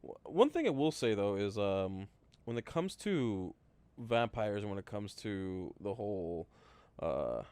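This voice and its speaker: A man co-hosting a podcast, talking in a rambling, halting way with many fillers. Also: lowish voice, big pitch swings, darkish tone, clear, resonant tone, no echo. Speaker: podcast co-host. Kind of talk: casual chat.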